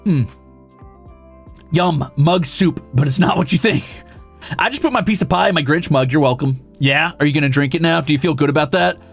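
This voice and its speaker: Young male streamer host, gravelly and a bit high-pitched, quick to launch into swearing mock rants. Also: soft background music. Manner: ranting, profane, mock-exasperated. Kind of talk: casual chat reading viewer messages.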